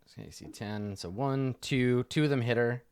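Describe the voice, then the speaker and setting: Man, game master, tabletop narration, casual, filler-heavy, mid pitch. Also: moderate pace, smooth. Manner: loose, chatty narration full of fillers and restarts.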